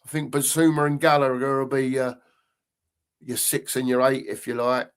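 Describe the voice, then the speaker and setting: A man's voice: mid-range voice, steady tone, normal speed, clean tone. An older man, chatting casually as host of a live fan stream, rambling and repeating himself as he reads out viewer comments.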